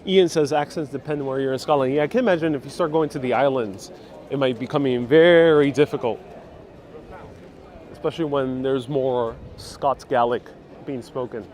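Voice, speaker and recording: A man's voice: mid-range voice, normal speed, darkish tone. A man hosting a live-streamed walking tour outdoors, reading viewers' chat aloud and answering it casually as he walks, filmed on a phone. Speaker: travel vlogger. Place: outdoors on a busy old-town street. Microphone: phone held while walking. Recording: faint street noise and traffic.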